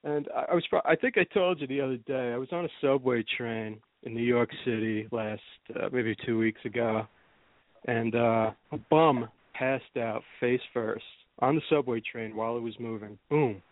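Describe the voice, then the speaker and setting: A man's voice: mid-range voice, moderate pace, no echo. Storytelling man on a tinny line. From New Jersey. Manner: rambling storyteller, laughs often. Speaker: podcast host. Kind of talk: casual chat. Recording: tinny phone-like sound, dry.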